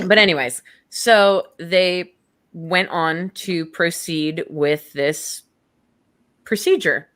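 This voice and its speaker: A woman's voice: lowish voice, takes it slowly, a bit bright. A young woman co-hosting a true crime podcast, telling the story casually and acting out the quotes with laughs. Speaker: podcast co-host.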